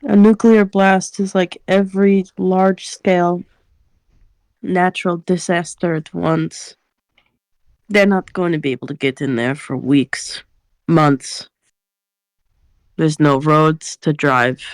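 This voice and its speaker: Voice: medium pitch, fairly even intonation, slow, pauses often, no echo. Player making dry jokey asides. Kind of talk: casual tabletop game chat.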